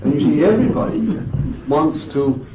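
A man preaching a sermon with fervent emphasis, moving between loud bursts and quiet asides, thinking aloud with restarts and "you see.". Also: a little high, expressive, normal speed, far from the mic, background noise. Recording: dull, lo-fi, echoey and off-mic.

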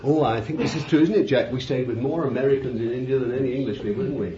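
An older man with an East London Cockney accent, preaching a sermon and telling stories, bursting into loud commands at the devil and chuckling as he goes. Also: mid-range voice, fast. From England. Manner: animated, shouts commands at the devil, chuckles through anecdotes. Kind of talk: sermon with storytelling. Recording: dull lo-fi recording with faint hiss.

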